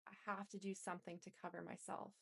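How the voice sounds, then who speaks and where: A woman's voice: on the low side, level tone, fast, vocal fry, fairly bright tone, husky, full character voice. A woman reading the lines of a manipulative, controlling adult man with pleading, self-justifying talk.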